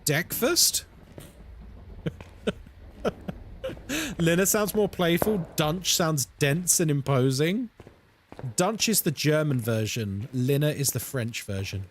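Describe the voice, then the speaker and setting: A young man chatting playfully with his live-stream audience between moments of gameplay. His pitch sits a little high and swings a lot as he talks. A faint hiss of noise sits under the voice. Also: animated, takes it slowly, pauses often. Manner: chatty and playful, answering viewer chat. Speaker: horror game streamer. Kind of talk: casual live-stream chat while gaming.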